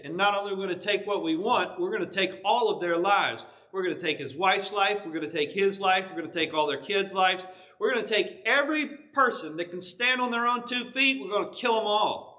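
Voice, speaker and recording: A hot-tempered young warrior leader barks orders in a high, tense, bright voice, as a male preacher acts him out in a sermon. He sounds indignant and commanding. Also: brisk. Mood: furious.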